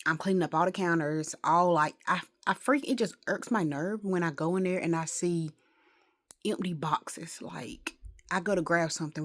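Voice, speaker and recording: A woman's voice: lowish voice, moderate pace. A woman talking casually to a phone camera at home in a rambling day-in-the-life vlog, with exasperated asides. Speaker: vlogger.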